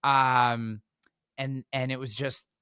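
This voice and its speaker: A man telling stories as a podcast guest, energetic, repeating words and acting out quotes. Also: mid-range voice, takes it slowly, clean tone, no echo, clean studio sound. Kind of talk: animated storytelling.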